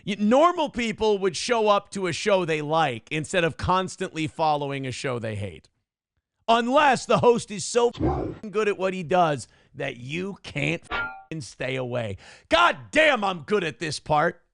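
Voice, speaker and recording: A man's voice: high-pitched, sing-song, a little slow, gravelly, a bit bright, dry recording, clean studio sound. A man in his thirties hosting a live stream from home, reading chat aloud and mocking a commenter in profane banter.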